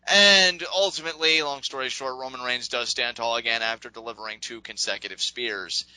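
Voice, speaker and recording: A man co-hosting a casual wrestling recap podcast, talking in an animated, rambling way and laughing often. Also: mid-range voice, fairly quick, smooth, dry recording, rough recording. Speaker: podcast co-host.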